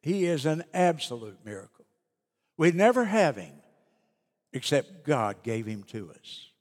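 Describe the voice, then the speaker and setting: A man preaching a sermon as pastor, emphatic, slowing down and dropping soft on key phrases. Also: a little high, big pitch swings. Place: church sanctuary. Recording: long reverb of a church hall.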